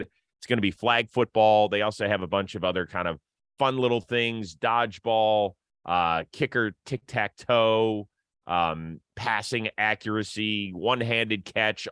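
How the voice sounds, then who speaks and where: Male podcast host, lower register, easygoing and upbeat, close dry studio sound. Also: a bit bright, no echo. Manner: chatty, upbeat, laughs often. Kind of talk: casual sports talk.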